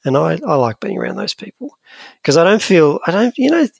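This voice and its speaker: A man's voice: fairly high pitch, big pitch swings, fairly quick, gravelly, no room sound. A Scottish man co-hosting a podcast, chatting casually in a rambling, joking and self-deprecating way. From Scotland. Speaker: podcast co-host. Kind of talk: casual chat.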